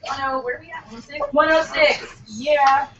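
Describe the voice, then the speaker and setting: Woman reading stage directions at a table read, slightly high voice, echoey room far off. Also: fairly bright tone. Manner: brisk, giggly between lines. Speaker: script reader for the stage directions. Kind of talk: table read narration and casual chat. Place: room during a cast read-through. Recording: distant roomy lo-fi recording with noise.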